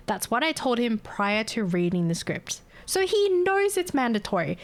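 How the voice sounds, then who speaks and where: A woman's voice: fairly high pitch, big pitch swings, moderate pace, few pauses. Woman ranting profanely on stream. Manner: profane, heated venting with bursts of laughter. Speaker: live streamer. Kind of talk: casual ranting chat.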